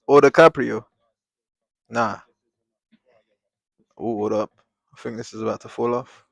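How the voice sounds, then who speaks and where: Gravelly man ranting on stream. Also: mid-range voice, fairly quick, pauses often, dry recording. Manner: rambling, venting in animated bursts. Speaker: artist streaming a live drawing session. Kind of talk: casual live-stream chat. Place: home, at a table. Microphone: desk microphone.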